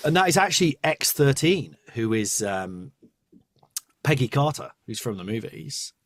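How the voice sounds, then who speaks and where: Man, podcast host, casual chat, laughs a lot, average pitch, dry mic. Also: very animated, measured pace, no echo. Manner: chatty, laughs often, trails off.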